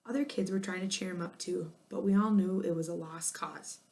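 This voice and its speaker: Woman reading a kids' chapter book, lively and expressive. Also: on the low side, brisk, few pauses. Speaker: audiobook narrator. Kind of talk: children's storybook reading.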